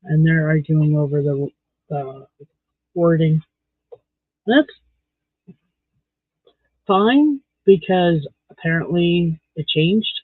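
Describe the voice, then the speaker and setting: A man's voice: on the high side, slow, pauses often, no echo. Blunt man on a tinny, phone-like stream. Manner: blunt, candid opinions. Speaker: livestream host. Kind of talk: casual livestream chat while beading. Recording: tinny phone-like dry sound.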